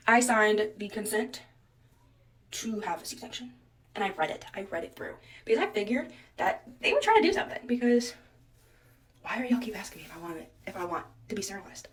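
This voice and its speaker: A woman's voice: medium pitch, big pitch swings, brisk, distant mic. Indignant young woman telling her story. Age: 20s. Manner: indignant, acts out the other people in the story. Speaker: storyteller sharing a personal story. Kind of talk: animated personal storytelling.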